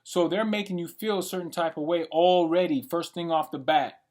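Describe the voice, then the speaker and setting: A man's voice: fairly high pitch, steady tone, normal speed, darkish tone. A man in his late twenties giving a blunt, profane and rambling monologue for his vlog. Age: late 20s. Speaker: vlogger. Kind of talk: unscripted rant monologue.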